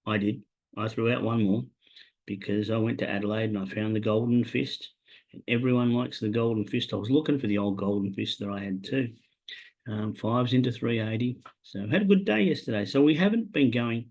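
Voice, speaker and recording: A man's voice: medium pitch, darkish tone. An Australian man hosting a podcast alone, rambling through horse racing tips in a self-mocking way and talking to his absent co-hosts. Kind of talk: solo casual chat.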